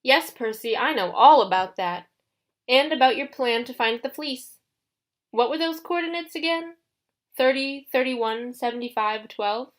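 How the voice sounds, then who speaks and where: A woman reading an audiobook, voicing a smooth, mocking young male villain who taunts the heroes. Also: sits high, expressive, a little slow, a bit bright, voice pushed up. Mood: taunting.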